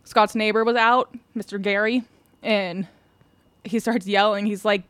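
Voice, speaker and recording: A woman's voice: mid-range voice, fairly even intonation, a little slow, a bit bright, dry recording. A woman co-hosting a podcast, casually retelling a true-crime case from her notes, laughing often and swearing offhandedly. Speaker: podcast co-host.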